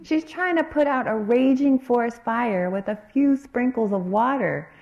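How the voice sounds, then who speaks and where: A woman voicing a group of carefree gods who mock a foolish bird, in a high, scornful tone. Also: unhurried, vocal fry, lo-fi sound. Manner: scornful, jeering. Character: mocking carefree gods in cloud palaces.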